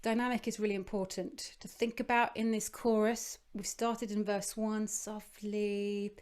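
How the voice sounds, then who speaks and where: A woman, leading a choir rehearsal and coaching the lower altos in a chatty, encouraging way. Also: little pitch movement, a little slow, a little mellow. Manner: encouraging, chatty, breaks into singing phrases. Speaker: choir leader. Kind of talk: vocal coaching with sung demonstrations.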